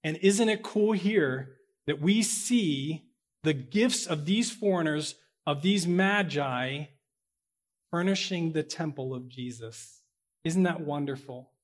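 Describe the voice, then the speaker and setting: A pastor preaching a sermon, slowing down to stress key words, with big swings in loudness, and correcting himself as he goes. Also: fairly high pitch. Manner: corrects himself out loud mid-sentence.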